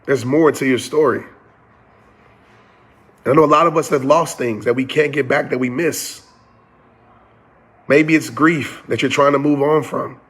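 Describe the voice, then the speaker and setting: A man's voice: mid-range voice, fairly even intonation, measured pace, long pauses, fairly bright tone, breathy edge. A man giving a motivational talk in an earnest, preacher-like cadence with repeated phrases. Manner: addresses listeners as y'all. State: getting emotional. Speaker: motivational speaker.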